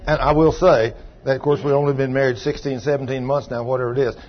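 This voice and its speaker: Husky older man preaching. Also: mid-range voice, little pitch movement, fast talker. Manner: folksy preaching, swings from soft to loud. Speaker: pastor. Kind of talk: sermon. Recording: dull lo-fi sound.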